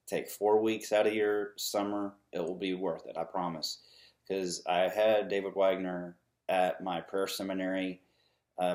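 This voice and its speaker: Deep-voiced man in an earnest rambling rant. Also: a little mellow. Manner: rambling, frequent ums and restarts; earnest, frustrated. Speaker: vlogger. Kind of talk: casual rant to camera.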